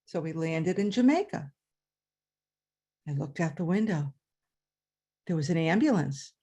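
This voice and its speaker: A woman who was a third grade teacher, telling a personal story live to an audience with dramatic pitch leaps. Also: animated, measured pace, long pauses, dark tone, breathy edge. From New York area. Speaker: storyteller, retired-style schoolteacher.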